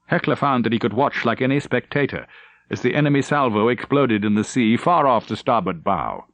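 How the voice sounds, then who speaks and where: Male audiobook narrator, animated pitch, dramatic and measured, dry studio sound. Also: no echo. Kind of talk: scripted narration.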